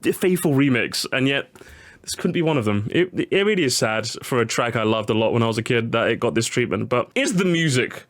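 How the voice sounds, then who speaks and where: A young man chatting casually on a live stream, animated and jokey, talking to his chat. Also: medium pitch, a little fast. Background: faint game music.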